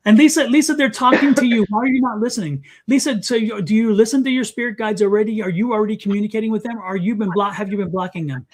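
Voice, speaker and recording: High-voiced, animated middle-aged man. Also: fast talker, few pauses. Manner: animated, emphatic, repeats commands. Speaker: psychic guest. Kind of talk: live psychic reading and advice.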